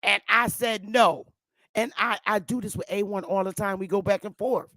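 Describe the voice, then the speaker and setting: A woman's voice: mid-range voice, fairly even intonation, a little fast, no echo, clean studio sound. Fiery, profane woman streamer. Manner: profane, combative, loud outbursts. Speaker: livestream host. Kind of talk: heated casual livestream rant.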